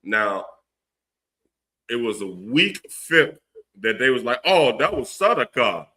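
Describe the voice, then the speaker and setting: A man with a Philadelphia accent hosting a livestream, ranting forcefully and preachily, with long runs of stammered fillers. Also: medium pitch, big pitch swings, slow. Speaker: livestream host giving religious commentary. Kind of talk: heated livestream rant.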